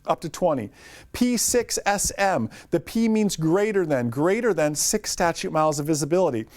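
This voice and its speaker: Guy teaching a live drone class, quick and upbeat, voice a bit on the high side. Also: lively intonation, a little mellow. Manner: fast, upbeat, talks to viewers by name. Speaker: drone pilot instructor. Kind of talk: live online lesson.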